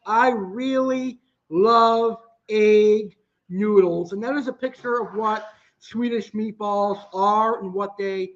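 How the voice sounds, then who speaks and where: A young man teaching a cooking class, talking through recipe steps plainly with some restarts. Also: high-pitched. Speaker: cooking instructor. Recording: dull lo-fi sound.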